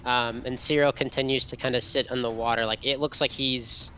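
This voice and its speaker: A man's voice: mid-range voice, steady tone, brisk, bright, forceful tone, faint music behind. A man narrating a tabletop game as game master, rambling with many fillers and restarts.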